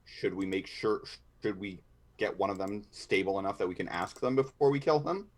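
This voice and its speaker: Low-voiced man planning out loud in a game. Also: normal speed. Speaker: player. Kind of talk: tabletop role-play talk.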